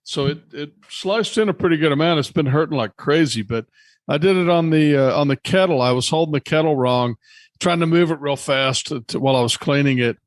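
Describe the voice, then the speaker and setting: A man's voice: a little high, fairly quick, no echo. Easygoing man telling a story. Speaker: podcast co-host. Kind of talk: casual chat.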